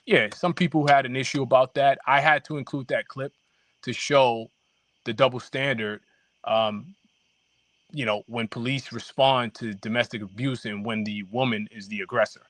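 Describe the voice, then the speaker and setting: A man guest on a podcast, telling his story haltingly with many fillers and restarts. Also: medium pitch, fairly even intonation, a bit bright, no room sound. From New York. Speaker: documentary filmmaker guest. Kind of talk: casual podcast interview.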